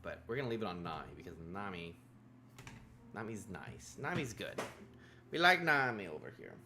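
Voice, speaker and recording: A man streaming a live manga reaction with a bright, forward voice that leaps all over his pitch range. He gets excited, repeats himself and wanders off on tangents. Faint music plays underneath. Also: normal speed.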